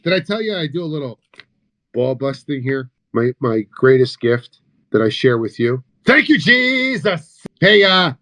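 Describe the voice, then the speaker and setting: A man giving profane, mocking commentary over news clips, sarcastic and crude, swinging between loud outbursts and low mutters. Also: moderate pace.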